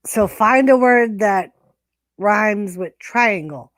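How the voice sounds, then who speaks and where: A woman's voice: medium pitch, expressive, slow pace, no echo, studio quality. A woman hosting a casual livestream chat, crude and teasing, laughing often. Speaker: livestream host.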